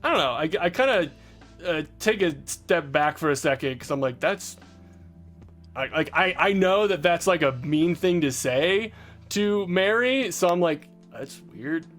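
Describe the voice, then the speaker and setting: A man playing in a tabletop game, talking in a halting, rambling way. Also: fairly high pitch, expressive, fairly bright tone, faint music behind. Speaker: player.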